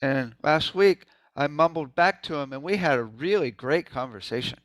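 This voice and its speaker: The sound healing presenter's voice sits fairly high, at a normal pace, a bit bright and free of room sound. Loose and informal, he wanders into asides while humming and sounding out rhythm syllables for the group.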